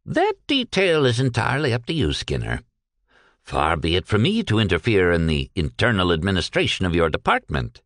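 A man's voice: sits low, wildly swooping pitch, fairly quick, fairly bright tone, no room sound, clean studio sound, full character voice. A man reading aloud and voicing a shrewd, genial retired old businessman who talks in a purring, folksy way. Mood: stern.

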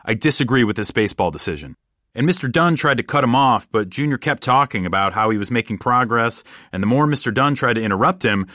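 A man tells a comic story in the first person, deadpan and rambling. His voice sits low and speaks in plain, casual words. The recording is dry, with no room echo.

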